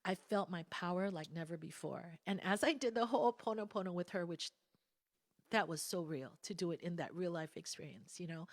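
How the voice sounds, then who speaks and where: A woman speaking at a spiritual gathering, telling a candid personal story in a reflective, conversational way with soft asides. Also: fairly low pitch, dry recording. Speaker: guest speaker.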